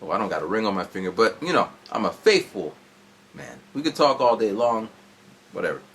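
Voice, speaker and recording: A man's voice: lowish voice, sing-song, a little fast, creaky, fairly bright tone, slightly rough. A man in his forties telling a long, rambling story in a casual vlog from home, jumping around as he goes. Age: 40s. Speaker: vlogger. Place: at home indoors.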